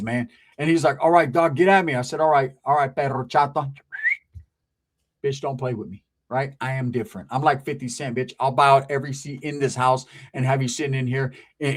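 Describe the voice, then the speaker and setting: A man telling a wild personal story in casual, profane street slang, animated and acting out each person he quotes. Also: medium pitch. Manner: animated, acts out every quoted voice; profane, slangy street talk with Spanish words.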